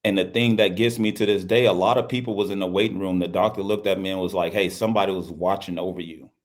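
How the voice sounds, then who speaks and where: A middle-aged man from Louisiana with a low, deep voice tells a personal story as an interview guest. He speaks earnestly and often repeats his phrases. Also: steady tone, fast. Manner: earnest, repeats phrases, acts out quoted speech. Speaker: basketball coach and guest.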